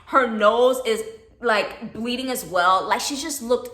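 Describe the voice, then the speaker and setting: A young woman telling a storytime vlog, animated, often asking "okay?" and swearing casually. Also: fairly high pitch, a little slow, echoey room.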